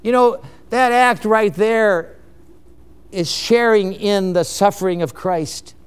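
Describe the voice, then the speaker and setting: A man preaching a sermon, emphatic and unhurried, with exclamations and chuckles. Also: sits high, clean tone.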